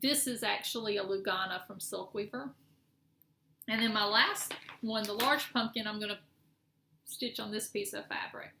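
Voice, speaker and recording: A middle-aged woman speaks at normal speed in a pushed, bright, medium-pitched voice with vocal fry. Showing her cross-stitch projects in a casual vlog, she rambles and corrects herself, and the echoey room adds faint noise.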